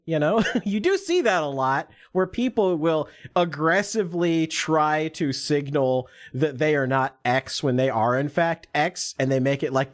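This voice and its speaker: A podcast guest in casual chat, making opinionated points in loose run-on sentences. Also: mid-range voice.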